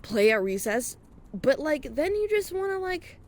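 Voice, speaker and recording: Speaking in a high, sing-song voice and taking her time, a young woman vlogs during a nighttime walk outdoors. The vlogger and podcaster rambles casually about herself, swears freely, and is a bit out of breath from walking.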